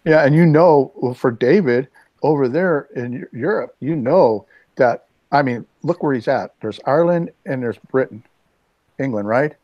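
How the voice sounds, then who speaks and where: A man in his sixties hosting a casual video chat, telling rambling stories with lively asides. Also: mid-range voice, normal speed, dry recording. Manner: rambling storyteller, animated asides. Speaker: host. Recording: dull lo-fi dry sound.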